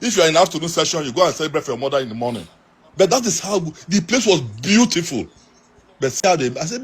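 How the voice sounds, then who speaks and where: A middle-aged Nigerian man with a husky voice, telling earnest stories and pleading with his listeners. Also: a little high, very animated, quick pace. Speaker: interviewee. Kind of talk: emotional storytelling.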